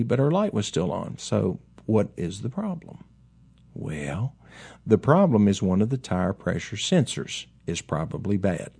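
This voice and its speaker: A man's voice: lowish voice, vocal fry, mellow. A middle-aged man who owns a car dealership, hosting a casual talk segment in a folksy, rambling way with chatty asides. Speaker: car dealership owner and radio host.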